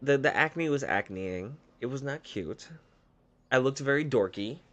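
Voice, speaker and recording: Campy, animated young man telling stories. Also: medium pitch, a little slow, muffled recording. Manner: animated, campy, profane storyteller. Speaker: streamer. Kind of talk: casual storytelling while gaming.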